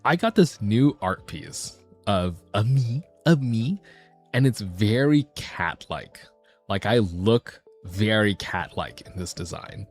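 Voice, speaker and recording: A man streaming as a VTuber, talking in a casual, rambling and animated way. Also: on the low side, slow, husky, soft background music. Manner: animated, rambling, self-deprecating.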